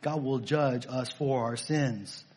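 A man's voice: mid-range voice, slow pace, a little mellow, slightly rough. A male pastor preaching a sermon, emphatic and repetitive, firing off rhetorical questions.

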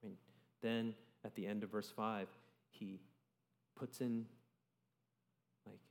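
Young male preacher, low voice, chatty sermon full of "right?", reverberant hall. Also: fairly even intonation, takes it slowly, gravelly. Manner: conversational, keeps adding "right?". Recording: long reverb of a large hall.

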